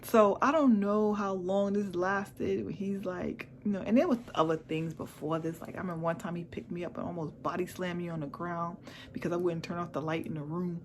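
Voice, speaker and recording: A woman's voice: lowish voice, fairly even intonation, brisk, a little hiss or hum. A woman vlogger candidly telling a personal story in a chatty, repetitive way. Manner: candid, chatty, repeats herself.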